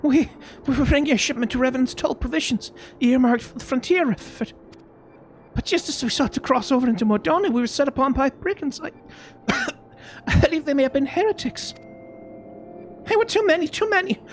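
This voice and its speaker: A woman's voice: high-pitched, expressive, brisk, a little hiss or hum. Wounded shaken female soldier. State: injured, coughing.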